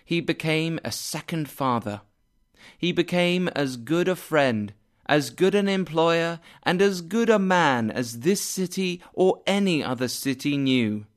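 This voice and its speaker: A man reading a simplified classic story aloud as narrator, slow and measured. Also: mid-range voice.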